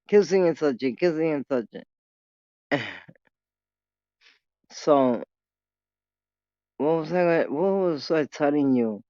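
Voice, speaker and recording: A woman's voice: rumbling low, darkish tone, dry recording, muffled recording. Profane New woman spinning a story. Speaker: vlogger. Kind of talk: casual storytelling.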